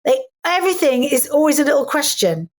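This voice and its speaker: A middle-aged English woman chats in an animated, playful way as an interview guest. Her voice sits a little high, and she readily slides into other people's ways of talking. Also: a little fast. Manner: animated and playful, slipping into mimicry. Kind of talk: casual interview chat.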